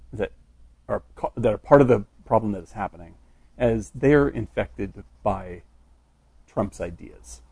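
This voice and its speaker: Gravelly husky man in casual chat. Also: lowish voice, mellow, dry recording.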